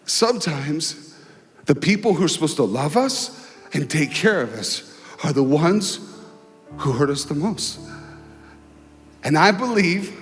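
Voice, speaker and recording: A man giving an emotional, dramatic inspirational talk as a guest speaker before a large crowd, telling a story with pauses and swells. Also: on the high side, lively intonation. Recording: long hall reverb, faint music.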